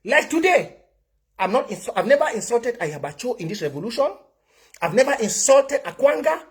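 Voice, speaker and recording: A man's voice: very high-pitched, sing-song, normal speed, slightly rough. A man with a Cameroonian accent, giving an impassioned livestream political monologue that slips into Pidgin and repeats his points. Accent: Cameroonian English and Pidgin. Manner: impassioned, preachy, repeats himself. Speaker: online political commentator.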